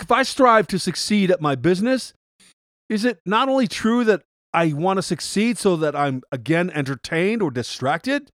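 Earnest man with a high voice. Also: no echo, clean studio sound. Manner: earnest, preachy, rising to shouted rhetorical questions. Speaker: podcast host. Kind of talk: Christian devotional podcast monologue.

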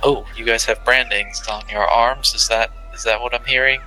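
A man's voice: medium pitch, steady tone, moderate pace, sharp tone, soft background music, low-quality recording. A man playing a tabletop game, asking questions in a hesitant way.

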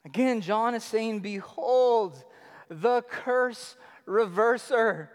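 A man in his thirties preaching a sermon as pastor, animated, swinging between loud emphasis and quiet asides. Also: sits high, clean tone. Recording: long hall reverb.

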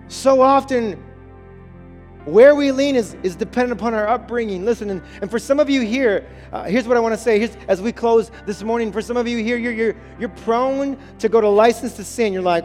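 A male pastor with a very high-pitched, darkish voice speaks at a fairly quick pace in the sanctuary. He stresses and repeats key phrases and checks in with the congregation, and the church hall adds long reverb over the music.

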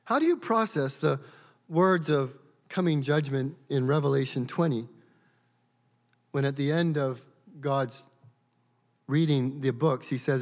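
In a large, reverberant hall, a pastor with a mid-range voice preaches unhurriedly, leaving long pauses. He is earnest and questioning, often stumbling and repeating words as he works through his thoughts aloud.

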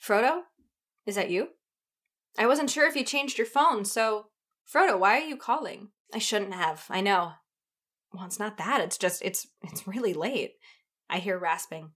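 Bright-voiced woman reading aloud. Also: mid-range voice, expressive, measured pace. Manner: giggly, breaks into laughter and off-key singing. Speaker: podcast co-host reading fan fiction aloud. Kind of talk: comedic dramatic reading with banter.

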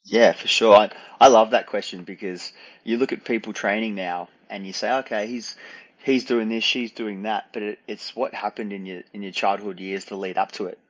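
Laid-back Australian man, low voice. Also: steady tone, moderate pace, dry recording, low-quality recording. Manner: easygoing, rambling with restarts and laughs. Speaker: podcast guest, endurance athlete. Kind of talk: casual interview chat.

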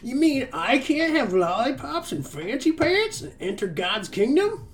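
Man putting on a high-pitched whiny cartoon brat, sneering, drawn-out, faint music behind. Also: sing-song, heavily acted. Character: whiny bratty man mocking faith.

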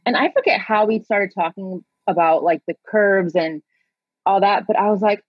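Chatty woman guest in her 30s, kinda husky, lots of likes and ums, dry slightly muffled audio. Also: medium pitch, normal speed, no echo. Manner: chatty, laughs often, many fillers. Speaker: interview guest. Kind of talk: personal storytelling in conversation.

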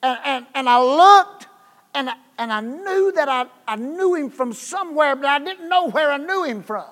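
A man preaching a revival sermon as guest preacher, telling a story that swings from hushed tones to loud bursts, with repeated words. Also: very high-pitched, animated, normal speed. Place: church sanctuary. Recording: long hall reverb.

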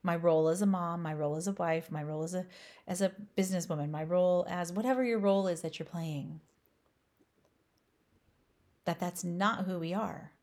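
A woman teaching on spirituality, asking slow, emphatic rhetorical questions. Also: fairly low pitch, darkish tone. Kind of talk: inspirational spiritual talk.

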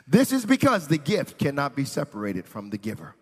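A man preaching a sermon, animated and storytelling, acting out the people in his anecdotes. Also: medium pitch, moderate pace, slightly rough, long reverb tail. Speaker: pastor.

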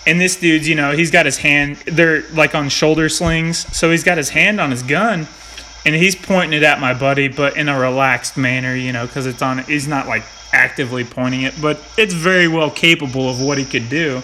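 A man's voice: on the high side, fairly even intonation, moderate pace, sharp tone, a little hiss or hum. A man in his thirties hosting a casual chat, telling a story with plenty of swearing and laughter. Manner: swears a lot, tells stories with laughs. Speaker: podcast host.

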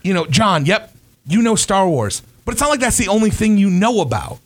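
A man's voice: sits high, sing-song, a little fast, a bit bright. Heartfelt, rambling male podcast host. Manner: heartfelt, rambling, swears casually. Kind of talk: casual podcast chat.

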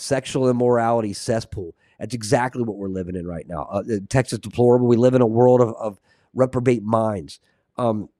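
A man's voice: mid-range voice, mellow, no room sound, studio quality. A man hosting a Christian podcast, reading scripture aloud and preaching in a casual, fervent way, with asides to his chat. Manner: earnest, reads verses aloud, drifts into asides to chat viewers; fillers and restarts, fervent and condemning tone.

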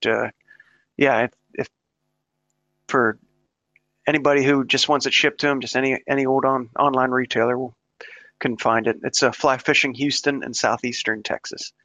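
A man answering interview questions as a guest, hesitant and full of pauses and restarts. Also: medium pitch, vocal fry, bright, forceful tone, dry recording, highs cut off. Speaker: guest author and fly angler.

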